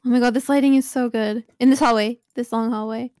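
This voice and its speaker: Young female co-streamer, fairly high, gravelly, dry close sound. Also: steady tone, fast, darkish tone, no room sound. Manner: distracted, fussing over a screenshot. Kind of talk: casual gaming chat.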